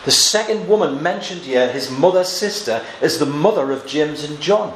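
A man preaching an expository Bible sermon, earnest, moving between quiet reading of scripture and emphatic exclamations. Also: on the high side, expressive, moderate pace. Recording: echoey room with faint ambient noise.

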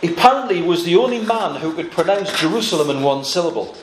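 A man's voice: high voice, animated, background noise. Preacher man in an echoey hall. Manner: storytelling with asides and laughs, slowing for emphasis. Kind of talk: sermon.

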